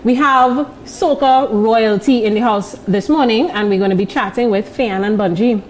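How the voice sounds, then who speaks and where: A woman co-hosts a morning show in casual, upbeat chat, her voice a little high. She steers the talk and the cooking, over a faint hum of studio noise. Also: moderate pace, low-quality recording. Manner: upbeat, leads the segment and the cooking.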